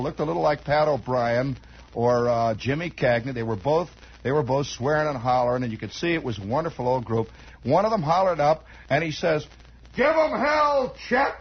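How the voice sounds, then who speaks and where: A man's voice: fairly high pitch, breathy edge. Man telling a rambling comic radio yarn. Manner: rambling comic storytelling with acted-out shouts. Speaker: radio storyteller host. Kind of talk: improvised radio monologue. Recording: dull lo-fi 1960s radio broadcast.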